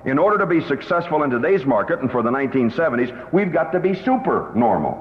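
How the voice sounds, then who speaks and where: A man's voice: medium pitch, sing-song, fast. A male sales trainer speaks in an emphatic storytelling manner with a mid-range voice. The sound carries a long hall reverb, and the old tape is dull and muffled. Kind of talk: sales seminar lecture with anecdotes.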